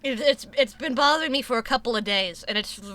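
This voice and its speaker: Streamer girl w/ a sore tooth, swears constantly, keeps restarting sentences, sharp bright voice. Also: a little high, quick pace. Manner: profane, rambling, many restarts. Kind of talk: casual live-stream chat.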